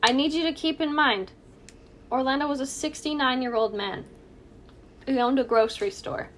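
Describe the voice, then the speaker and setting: A woman's voice: high-pitched, moderate pace, fairly bright tone. Chatty woman with a faint hum behind. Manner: chatty, jokey, laughs at own asides. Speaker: podcast co-host. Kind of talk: casual true crime chat.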